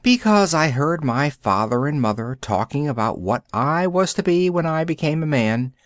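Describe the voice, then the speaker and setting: Cocky storybook boy who won't grow up, read by a man; lively, dry sound. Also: on the high side, normal speed, no room sound, natural voice. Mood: wistful. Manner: boastful, excited.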